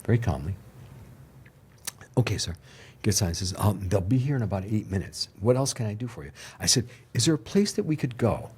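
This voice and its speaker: An older man with a fairly low voice, a guest in an interview. He tells his story with energy and acts out the other people's lines. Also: big pitch swings, fast talker, darkish tone, slightly rough. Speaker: TV producer, podcast guest.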